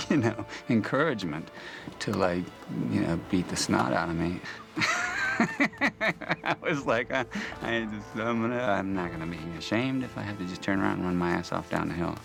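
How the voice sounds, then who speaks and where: Gravelly low-voiced man telling a laughing anecdote. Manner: laughing, self-mocking storyteller. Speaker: actor recalling a shoot. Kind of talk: casual interview anecdote.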